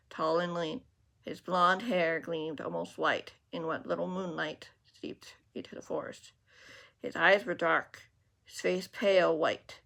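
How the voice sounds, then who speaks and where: A woman's voice: fairly low pitch, fairly even intonation, a little slow, creaky, a bit bright. A woman author reading her own novel aloud, then chatting casually with viewers with many fillers. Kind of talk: story reading and casual vlog chat.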